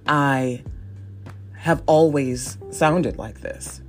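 A woman's voice: extremely low pitch, drawn-out words, soft background music. A woman in her forties from Northeast Ohio, chatting on her solo podcast in a chatty, self-deprecating way and laughing often. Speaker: podcast host. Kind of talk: casual solo podcast monologue.

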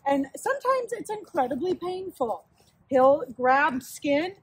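High-voiced woman dog trainer. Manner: calm, explanatory, talks while handling a puppy. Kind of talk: hands-on training demonstration. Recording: distant mic with faint background noise.

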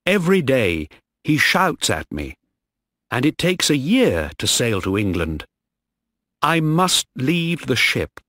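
A man's voice: mid-range voice, very animated, takes it slowly, sharp tone, dry recording, studio quality, exaggerated voice. Man doing a desperate mutinous ship officer.

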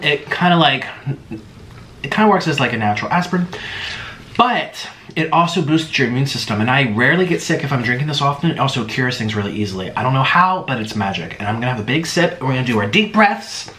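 A man hosting a mukbang eating show, chatting casually and excitedly to his viewers. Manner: hyper and excitable, swooping pitch. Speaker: mukbang host. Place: home in Florida. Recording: echoey room, faint noise.

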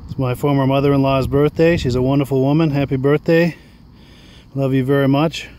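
A man's voice: mid-range voice, steady tone, brisk, darkish tone, slight background noise. A man talking casually in a rambling, chuckling monologue while sitting outdoors on a park bench. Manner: rambling, chuckling, filler-laden. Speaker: vlogger.

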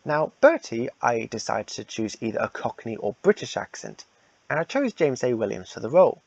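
Gravelly man with lively, rambling delivery. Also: mid-range voice, moderate pace, no echo, lo-fi sound. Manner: rambling, repeats himself. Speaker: fan redub organizer. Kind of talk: casual announcement.

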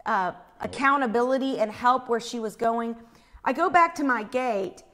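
Animated woman telling a faith story. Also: a little high, moderate pace. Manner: animated, acts out the screams she describes. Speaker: speaker telling a personal story.

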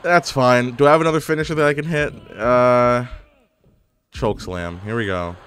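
A man's voice: medium pitch, normal speed, a bit bright, slight background noise. A man giving casual gameplay commentary, exclaiming and throwing out playful trash talk. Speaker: gaming YouTuber.

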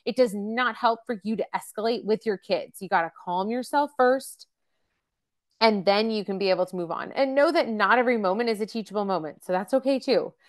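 A woman hosting a parenting webcast talks fairly quickly in a mid-range voice. In her thirties or forties, she teaches in a chatty, informal manner, with many fillers and example quotes she acts out.

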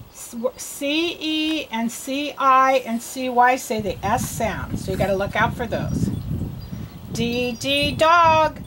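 A woman teaching young children to read, stretching each letter sound slowly in a sing-song drill. Her voice sits a little high and moves at an unhurried pace. A faint hiss of noise runs underneath. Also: fairly bright tone. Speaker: reading teacher. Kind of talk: children's phonics lesson.

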